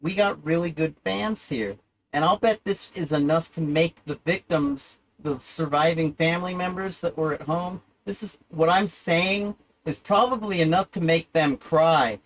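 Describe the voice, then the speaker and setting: A man's voice: on the high side, normal speed, few pauses, a bit bright, poor audio. Man ranting sarcastically on a livestream. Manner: sarcastic, rambling, self-pitying; profane. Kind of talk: solo livestream rant.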